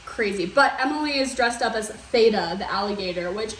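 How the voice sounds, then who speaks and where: A woman's voice: mid-range voice, expressive, a little fast, fairly bright tone. A young woman co-hosting a podcast in casual chat, bubbly and rambling with lots of fillers, recorded at home. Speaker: podcast co-host. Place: apartment room. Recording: roomy echo, distant mic, faint noise.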